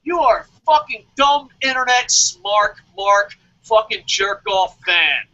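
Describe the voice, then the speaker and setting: A high, piercing wrestling superfan, as a man puts him on rants in mock outrage, swearing and sneering with every line. The voice is bright and cutting. The audio is dull and lo-fi. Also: lively intonation, slow, full character voice. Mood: ranting. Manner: ranting, sarcastic, heavy swearing. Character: loud sarcastic adult male wrestling superfan. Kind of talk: comedic rant in character.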